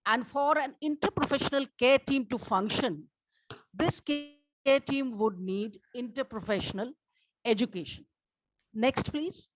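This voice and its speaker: A woman presenting her research study at a conference, speaking in a measured way and asking for the next slide. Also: on the high side, dry recording, rough recording.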